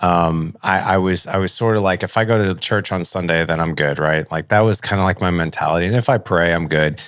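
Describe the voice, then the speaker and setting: A man's voice: low voice, fairly quick, a bit bright, clean tone, no room sound, studio quality. A middle-aged man, a podcast host, candidly telling a personal story in a casual, conversational way, full of "like" and acted-out dialogue. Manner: heavy use of filler "like", acts out dialogue.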